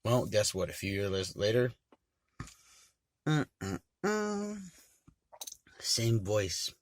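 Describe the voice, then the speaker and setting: A man from Montana casually telling a rambling, profane story and getting loud and animated when he quotes people. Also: fairly low pitch, measured pace, dry recording. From Montana, United States.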